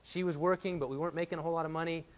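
A man's voice: a little high, fairly even intonation, rapid-fire. A man from Texas in his thirties preaching a sermon as a pastor, telling a personal story and building to emphatic points.

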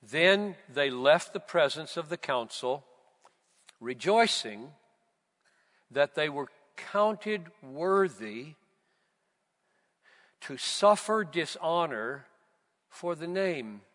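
A man preaching a sermon, slow and emphatic, building to loud, fervent repetitions. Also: fairly high pitch, expressive. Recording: long reverb of a large hall.

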